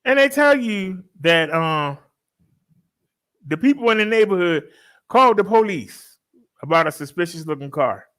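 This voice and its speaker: A man telling a story to his followers in a casual, joking way, laughing often and switching into high mimicking voices. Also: lively intonation, normal speed, long pauses, a bit bright. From Baltimore, US. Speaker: fitness vlogger telling a story.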